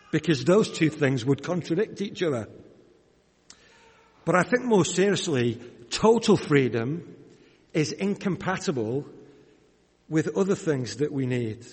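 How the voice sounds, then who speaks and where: A Yorkshire man preaches slowly and deliberately, talking with his congregation rather than at them. His voice is slightly husky. It rings through a church hall with a long reverb tail. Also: medium pitch, darkish tone. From Yorkshire, England. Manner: measured, conversational preaching with rhetorical questions. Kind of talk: sermon.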